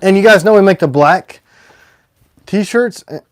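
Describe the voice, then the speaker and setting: A man hosting a casual livestream, rambling and excitable, with sudden swings between loud and quiet. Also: high voice, measured pace, dry recording, studio quality. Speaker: knife maker hosting a livestream.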